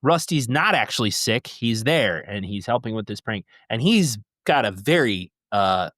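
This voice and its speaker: A man's voice: on the low side, lively intonation, normal speed, a bit bright, no room sound, clean studio sound. A man co-hosting a podcast, casually retelling a film's plot in a rambling way and acting out quotes. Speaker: podcast co-host. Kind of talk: casual movie recap chat.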